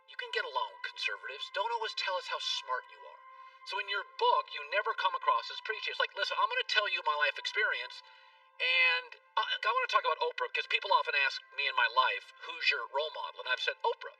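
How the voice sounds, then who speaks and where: A man in his fifties hosting a sports radio interview, talkative and animated, jumping between thoughts. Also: fairly high pitch, fairly quick, clean tone, distant mic, faint music behind, low-quality recording. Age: 50s. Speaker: sports talk show host.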